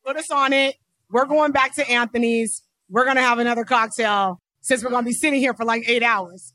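A woman co-hosting a podcast, telling a story in animated casual chat and acting out the quotes. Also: a little high, a little fast, dry recording. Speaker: podcast co-host.

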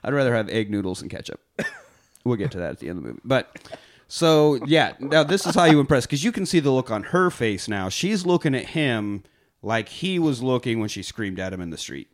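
A man co-hosting a podcast, retelling a film scene with lively, profane energy and acted-out quotes. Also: mid-range voice, fairly quick. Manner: animated storyteller, heavy swearing, acts out quotes. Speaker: podcast co-host. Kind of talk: casual film-review chat.

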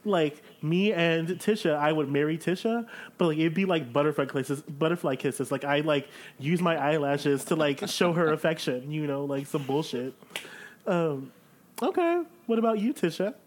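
A man in casual podcast chat, slangy and animated, packing his talk with "like". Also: a little high, normal speed. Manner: slangy, animated, heavy on "like" fillers.

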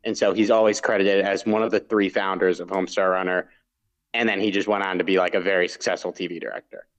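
Reviewing TV shows he watched, a male podcast co-host rambles casually through restarts and asides. He's a fast talker with a deep voice that barely shifts in pitch.

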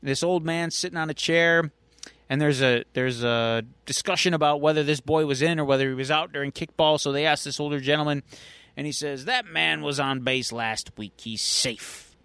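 A man's voice: on the high side, fairly even intonation, a little fast, a bit bright, clean tone, no room sound. A man co-hosting a podcast, casually recapping a comic book story and acting out its quotes. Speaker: podcast co-host.

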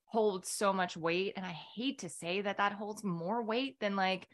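A woman author and former reporter being interviewed, talking in a thoughtful, measured way with a few fillers. Her voice sits at a middle pitch. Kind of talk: conversational interview.

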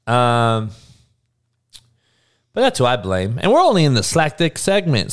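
A man's voice: mid-range voice, wildly swooping pitch, a little slow. A man hosting a live podcast, ranting bluntly with constant profanity, repeating lines for emphasis and calling out listeners by name. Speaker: podcast host.

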